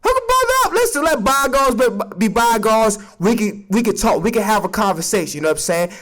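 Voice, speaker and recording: A young man hosting a comedic sports recap stream, talking in a loud, joking, profane way with sudden jumps in pitch. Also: big pitch swings, fairly quick. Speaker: streamer and sports show host.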